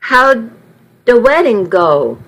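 A woman's voice: fairly high pitch, big pitch swings, slow, a bit bright, full character voice, poor audio. A woman voicing a feisty old grandmother in a nursing home, fond and sassy. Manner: fond, sassy, then fierce.

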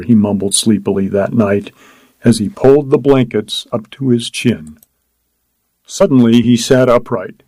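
A man's voice: mid-range voice, mellow, husky, no echo, rough recording. Man narrating a storybook, dry sound. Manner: measured, descriptive reading. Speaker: audiobook narrator. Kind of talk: scripted narration.

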